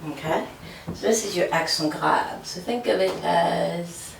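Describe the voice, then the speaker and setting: Lady teacher going over french accents real slow, kinda gravelly lowish voice, sounds far off in a roomy echoey space. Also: slight background noise. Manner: slow, patient explaining with many "okay?" checks. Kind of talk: whiteboard language lesson.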